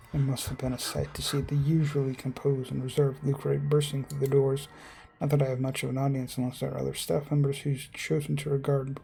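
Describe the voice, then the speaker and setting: A man narrating a horror visual novel with steady reading and small slips and asides. His voice is gravelly, dark and fairly flat in pitch. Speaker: let's-play narrator.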